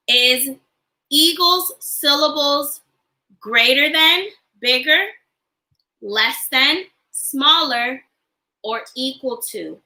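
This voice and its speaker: Female teacher, high bright voice, unhurried sing-song delivery to little kids on a livestream. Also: echoey room, poor audio. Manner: sing-song, cheerful teacher talk with call-and-response questions. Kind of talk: livestreamed classroom lesson for young children. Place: home, online class livestream. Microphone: computer or phone mic on a livestream.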